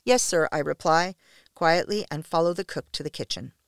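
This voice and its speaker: A woman reading a first-person story aloud in a measured, even way. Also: low-pitched, vocal fry, no room sound, clean studio sound. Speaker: narrator.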